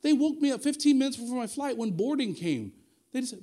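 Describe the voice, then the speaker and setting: Animated high-voiced male preacher. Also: fast talker. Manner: animated storytelling with emphatic repetition. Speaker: pastor. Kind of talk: sermon.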